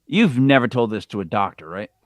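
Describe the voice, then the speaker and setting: A male podcast host asks short, prompting questions. His pitch moves in a lively way, and the sound is dry and close. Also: a little fast, dry recording. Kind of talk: interview questions.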